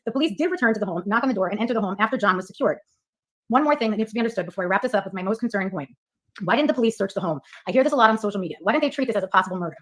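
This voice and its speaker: A woman's voice: medium pitch, lively intonation, racing, a bit bright. A woman reading scripted commentary in a firm, argumentative way, posing rhetorical questions.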